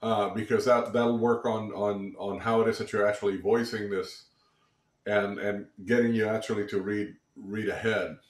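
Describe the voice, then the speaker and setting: Male music theory teacher, low voice, halting explanations, roomy echo. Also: flat delivery. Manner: counts beats aloud, many restarts, explanatory. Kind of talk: online music lesson.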